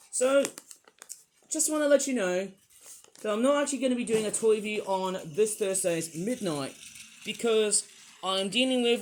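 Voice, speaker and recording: A man's voice: high voice, a little hiss or hum. A man reviewing toys in a casual, rambling vlog, circling back on filler words and drifting into a grumbling rant. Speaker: toy reviewer.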